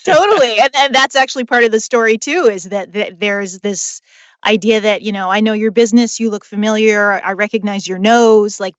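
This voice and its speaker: An enthusiastic woman author chats as a podcast guest, warmly excited about her work. Her voice sits at an ordinary pitch for a woman. The sound is dry and close, with no room echo. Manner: enthusiastic, chatty, quick to laugh. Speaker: author and dog trainer, guest. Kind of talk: podcast interview.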